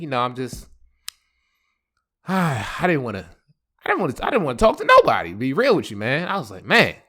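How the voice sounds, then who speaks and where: A man hosting a podcast. He tells a story casually, using a lot of slang and fillers and acting out quotes in different voices. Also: mid-range voice. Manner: animated, acts out quotes in voices; relaxed slang with many fillers. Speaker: podcast host.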